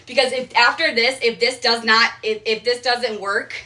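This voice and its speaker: A woman's voice: on the high side, steady tone, moderate pace, pushed and bright. A young adult woman livestreaming from home, rambling, defensive and repetitive. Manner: rambling, repeating herself, defensive. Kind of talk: emotional livestream rant. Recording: echoey room, mic held off at a distance.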